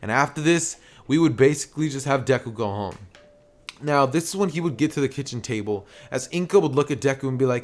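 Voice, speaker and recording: A man's voice: mid-range voice, expressive, fairly quick, a little mellow. A young man telling an anime fan story in a casual, rambling way, full of "you know" and "basically". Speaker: YouTuber narrating fan fiction.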